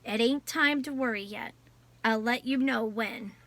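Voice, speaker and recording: A woman's voice: fairly high pitch, measured pace, a bit bright. A woman voicing an anxious boy who looks after his younger sister. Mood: reassuring. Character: anxious boy, protective older brother.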